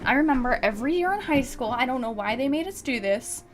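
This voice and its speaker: A woman's voice: high-pitched, lively intonation, fast talker, soft background music. A young woman hosting a visual novel playthrough, chatty, rambling and self-deprecating. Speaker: let's play host. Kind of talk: game commentary and reading.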